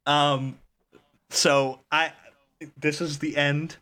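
A man's voice: a little high, little pitch movement, drawn-out words, bright, forceful tone. A man hosting a podcast in an easygoing, casual way, laughing often. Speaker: podcast host.

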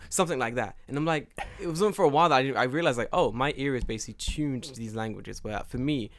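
A man chatting casually as a podcast co-host, animated and swearing, with many restarts. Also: mid-range voice, fast, hardly any pauses, no room sound, studio quality. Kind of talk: casual chat.

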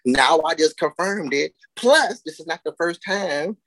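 A woman co-hosting a casual podcast, telling stories loosely with frequent laughter and drawn-out emphasis on key words. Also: low-pitched, animated, fairly bright tone, no echo. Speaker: podcast co-host.

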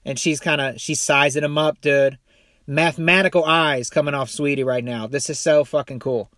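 Bright-voiced swearing commentary guy. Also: on the high side, moderate pace, no room sound, clean studio sound. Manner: animated, swearing, repeats "dude" and "okay". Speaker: commentator reacting to a clip. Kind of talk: profane casual commentary.

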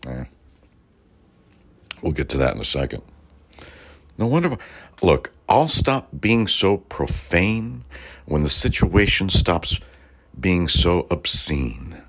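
A man's voice: low voice, sing-song, slow pace, long pauses, fairly bright tone. A middle-aged man from Los Angeles hosting a political talk-radio show, delivering a heated, profane and emphatic rant with sarcastic asides. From Los Angeles, United States.

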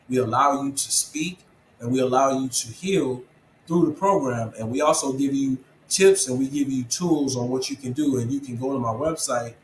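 A man's voice: medium pitch, reverberant, a little hiss or hum, poor audio. A man being interviewed, talking earnestly about faith and perseverance and urging listeners directly in a preachy, casual way. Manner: earnest, preachy encouragement, calls listener "bro". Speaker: interview guest, program founder.

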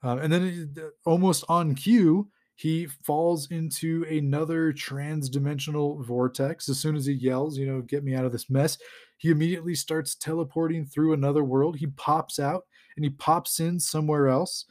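A man's voice: on the high side, steady tone, normal speed, a little mellow. A man hosting a podcast, casually recapping a comic in a rambling way with lots of fillers and chuckles. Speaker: podcast host.

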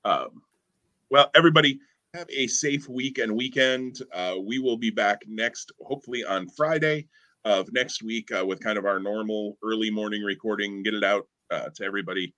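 A man's voice: on the low side, normal speed, pushed and bright. A man co-hosting a podcast in casual chat, rambling and enthusiastic with lots of fillers. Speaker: podcast co-host.

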